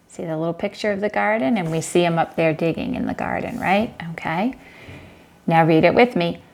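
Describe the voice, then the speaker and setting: A woman reading a children's book aloud in a lesson, saying each line slowly and clearly, then quickly and softly prompting the child to read along and praising them. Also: on the low side. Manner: encouraging, asks simple questions. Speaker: teacher reading with a young child.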